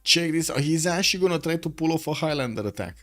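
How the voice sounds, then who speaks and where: A man's voice: a little high, expressive, fast talker, a bit bright, soft background music. Man casting a strategy game. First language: Romanian. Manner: chatty, thinks aloud with many fillers. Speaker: esports caster. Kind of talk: live game commentary. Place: home room with the window shut.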